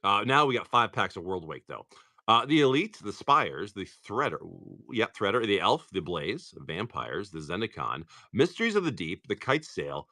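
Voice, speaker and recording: Casual male streamer, animated and bright, dry close sound, swears, lists cards. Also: lowish voice, dry recording. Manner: chatty, swearing, reads off card names. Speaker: livestream card-pack opener. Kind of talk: casual livestream chat.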